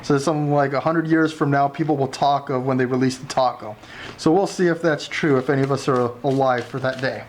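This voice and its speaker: A man's voice: mid-range voice, fairly even intonation, fairly quick, a little hiss or hum. A man co-hosting a casual food review, talking in a chatty, rambling way with many restarts.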